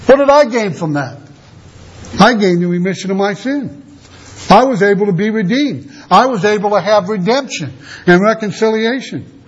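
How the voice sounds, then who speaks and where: A man preaching a sermon, measured and emphatic, who keeps asking rhetorical questions and repeats phrases to drive his point home. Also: high-pitched, animated, breathy edge, muffled recording.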